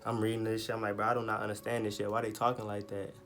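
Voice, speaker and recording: A young man in his twenties casually telling a personal story, full of slang and swearing, animated as he retells it. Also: fairly low pitch, very fast, gravelly, a little hiss or hum. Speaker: vlogger.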